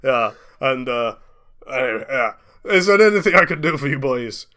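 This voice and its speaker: A man's voice: mid-range voice, animated, normal speed, pushed and bright. A man voicing a bumbling male ship captain with a Scottish accent who rambles and meanders. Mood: rambling.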